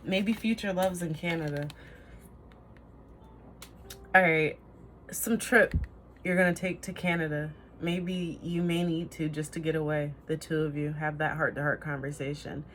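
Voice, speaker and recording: Woman, tarot reader, lowish voice, rambling casual talk, faint background hiss. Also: steady tone, measured pace, long pauses. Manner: rambling, trails off and restarts, laughs at herself. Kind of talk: casual tarot reading to camera.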